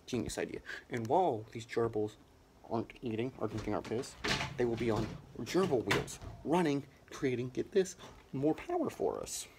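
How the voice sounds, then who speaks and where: Young male comic, mock presidential pitch, deadpan rambling bluster. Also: normal speed, noisy background. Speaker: comedian. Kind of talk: mock campaign speech.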